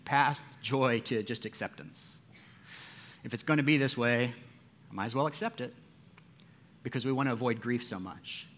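A man preaching a sermon, moving between loud, urgent passages and hushed, quiet ones, with casual asides to his listeners. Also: medium pitch. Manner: dynamic preaching, rising loud for quoted cries and dropping soft for grief; conversational asides to the congregation. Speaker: pastor.

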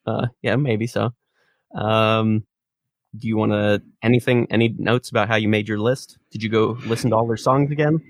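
A man co-hosting a podcast in relaxed casual chat, chuckling often. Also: on the low side, moderate pace, dry recording, studio quality. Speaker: podcast co-host.

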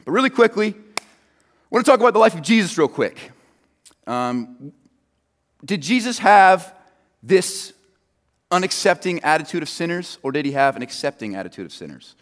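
Lively, joking man preaching a sermon. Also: fairly high pitch, moderate pace, long pauses, long reverb tail. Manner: casual, joking and conversational with the audience.

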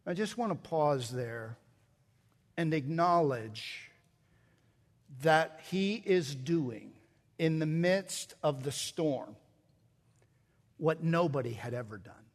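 A man's voice: fairly high pitch, lively intonation, slow pace, long pauses, long reverb tail. A man preaching a sermon, reading scripture and explaining its grammar, building to emphatic peaks. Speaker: pastor.

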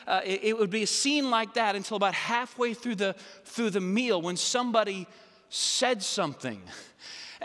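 High-voiced pastor preaching in a reverberant church. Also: male voice, a bit bright. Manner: halting, with frequent "uh" fillers. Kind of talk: sermon. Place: church sanctuary.

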